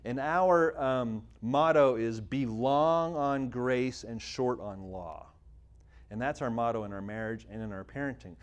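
His voice is smooth and mid-range, moving at a measured pace. He's a tired-sounding man in his thirties from Canada, a church speaker and magazine editor giving an informal sermon with prayer in a humorous, self-deprecating way.

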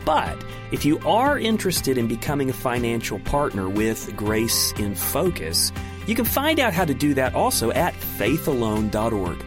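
A man's voice: mid-range voice, huge pitch swings, moderate pace. A man hosting a religious radio show, reading an upbeat promotional outro in the studio. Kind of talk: announcer outro. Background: background music.

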